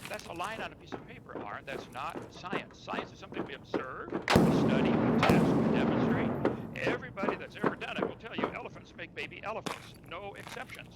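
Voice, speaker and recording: A man argues his case in a debate, firing off one rhetorical question after another. His voice sits a little high. Loud gunfire from a game plays behind him. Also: animated, fairly quick, very noisy. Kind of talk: debate argument.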